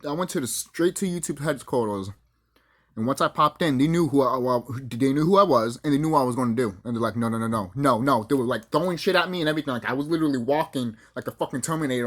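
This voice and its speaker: Brash, swearing vlogger ranting, voice swinging wildly. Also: medium pitch. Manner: profane, boastful, acts out quoted voices. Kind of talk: ranting monologue.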